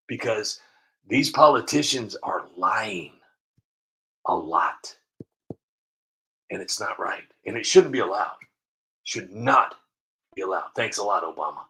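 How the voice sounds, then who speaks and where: A video creator speaks opinionated commentary to camera, rambling, repeating himself and restarting often. His lowish voice sounds pushed and bright, and the audio quality is poor.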